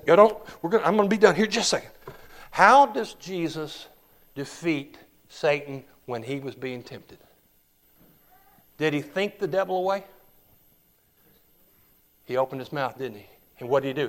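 Male pastor, sermon, fairly high voice, impassioned, loud then hushed. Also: lively intonation, normal speed, pauses often. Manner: impassioned preaching, swinging between loud declarations and hushed storytelling.

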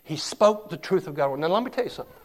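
A pastor delivers a sermon in a fairly high male voice. He swings between ringing declarations and quiet, intimate storytelling. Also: lively intonation, rapid-fire. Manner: impassioned preaching, swinging between loud declarations and hushed storytelling.

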